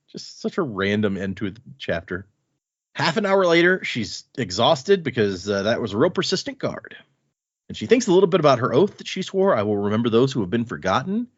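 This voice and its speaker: Man podcaster, chatty recap, lively pitch, dry dull lo-fi mic. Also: normal speed, slightly rough, no room sound. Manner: animated, chatty retelling. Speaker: podcast co-host. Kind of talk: casual book discussion.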